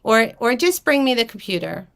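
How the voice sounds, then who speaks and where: A woman's voice: a little high, sing-song, normal speed, creaky, fairly bright tone. A woman hosting a live vintage jewelry auction stream, flustered and rambling, laughing often between fillers and restarts. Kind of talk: casual live-stream chat.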